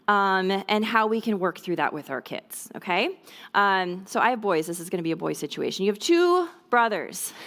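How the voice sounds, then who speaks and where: A woman speaks to a room of mothers in a relaxed, conversational teaching style, her voice sitting at an ordinary middle pitch. She keeps checking in with her listeners and now and then slips into quick impressions of children. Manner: conversational, checks in with frequent "okay?" and "right?"; acts out children's voices in brief quoted lines. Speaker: speaker at a mothers' ministry talk. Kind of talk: church teaching talk on parenting.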